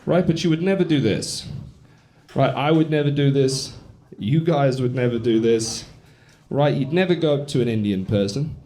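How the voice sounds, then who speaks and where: A man's voice: mid-range voice, normal speed. A young Englishman with an English accent doing a stand-up comedy set, brash, profane and mocking with the crowd, on a theater stage. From England. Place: theater stage before a live audience. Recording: live show with loud audience laughter.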